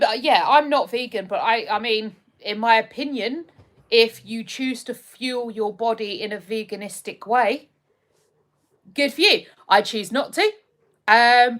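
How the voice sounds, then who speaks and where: A woman's voice: on the high side, a bit bright. Chatty woman streaming live. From just outside London, England. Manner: chatty and rambling, with frequent ums and restarts. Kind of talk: casual live-stream chat reading viewer comments.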